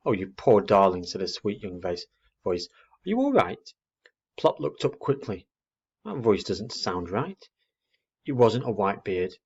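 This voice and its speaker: Man, story reading, low voice, husky, dull muffled recording. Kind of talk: reading a children's book aloud.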